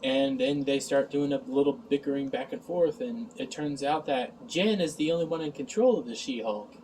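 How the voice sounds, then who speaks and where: A man's voice: mid-range voice, normal speed, darkish tone, recorded from a distance, slight background noise, poor audio. A man recapping an episode in a casual review, sarcastic and exasperated, sighing and mocking the lines he quotes.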